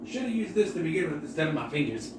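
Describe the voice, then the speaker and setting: A man's voice: on the high side, very animated, fast, background noise. A young man casually reviewing a movie in a rambling, sarcastic way, often restarting his sentences.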